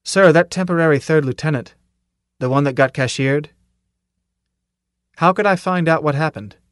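A man's voice: on the high side, moderate pace, no room sound, voice pushed up, natural voice. Jittery young cadet , guy reading the part, polite and unsure, dry sound. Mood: nervous. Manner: hesitant and respectful. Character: nervous young male officer cadet. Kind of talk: audiobook character reading.

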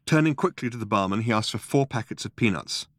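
Male audiobook narrator, wry comic delivery, very animated intonation. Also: on the low side, quick pace, dry recording, studio quality. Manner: wry, expressive storytelling.

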